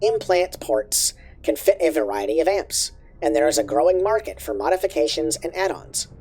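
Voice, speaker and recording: A man's voice: a little high, gravelly, a little mellow, breathy edge, voice pushed up, heavily acted. A man reading encyclopedia entries aloud through an alien voice filter, with small slips and restarts. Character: filtered alien-sounding reader, male, calm. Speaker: streamer reading codex entries.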